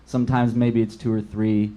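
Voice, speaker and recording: A young man from Los Angeles, a guest comedian telling a rambling story in a hesitant, halting way. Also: fairly low pitch, flat delivery, warm tone, highs cut off.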